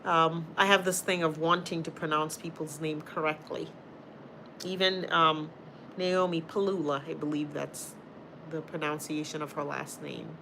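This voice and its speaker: A healthcare teacher from Boston, Massachusetts, with a Boston accent, hosts a casual livestream, chatting straight to her viewers and answering their comments. Her low voice is creaky, bright and forceful, with a flat, unhurried delivery. A little hiss or hum is audible.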